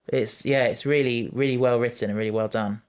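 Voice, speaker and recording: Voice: medium pitch, a little fast, smooth. Chatty podcast host. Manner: chatty, animated, quotes scenes. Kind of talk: casual chat reviewing an episode.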